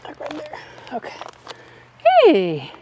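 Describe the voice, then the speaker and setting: A woman's voice: a little high, sing-song, takes it slowly, very noisy. A woman chatting casually and enthusiastically while working in her yard, folksy and a little out of breath at times. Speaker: vlogger. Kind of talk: casual chat while gardening. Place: outdoors in a yard.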